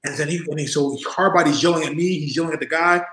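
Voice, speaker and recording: A man in his forties, an interview guest telling stories in a lively, laughing way and acting out the voices of people in them. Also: a little high, fast, roomy sound, a little hiss or hum, rough recording. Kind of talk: casual storytelling in an interview. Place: home room.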